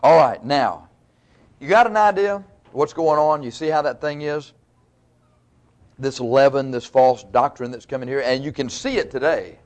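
A man's voice: medium pitch, moderate pace. A man preaching a sermon in a folksy, conversational way, teaching verse by verse with asides to the congregation.

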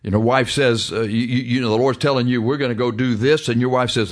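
A man preaching a broadcast sermon, reading scripture aloud and driving points home, stretching words out slowly, then rushing ahead. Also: medium pitch, fairly even intonation. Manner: emphatic, drawn-out preaching with sudden fast stretches; reads scripture in old-fashioned wording.

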